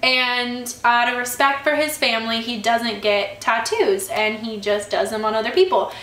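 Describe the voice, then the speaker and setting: Young woman vlogger, chatty storyteller, bright and slightly high voice, echoey room. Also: moderate pace, slight background noise. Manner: chatty storytelling, annoyed ranting. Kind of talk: casual chat vlog.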